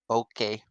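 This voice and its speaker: A man with a bright, forceful voice trading jokes with friends during a stream. He swears a lot and laughs often. The sound is close and dry. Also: dry recording. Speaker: streamer voicing a game. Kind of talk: casual chat with friends.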